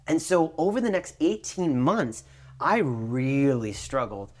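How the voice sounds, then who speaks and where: A man in his thirties co-hosting a faith podcast, telling a personal story in a lively way and acting out what others said. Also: a little high, slow. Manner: animated storytelling, acting out quoted voices. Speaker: podcast co-host. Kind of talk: conversational testimony.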